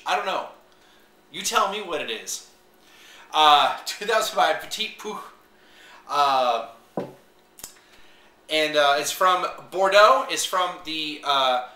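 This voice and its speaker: Bright-voiced man reviewing wine in an echoey room. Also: fairly high pitch, expressive, takes it slowly, pauses often, recorded from a distance, a little hiss or hum. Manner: rambling, many fillers, unsure of pronunciations. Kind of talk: casual video review. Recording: echoey room, voice away from mic.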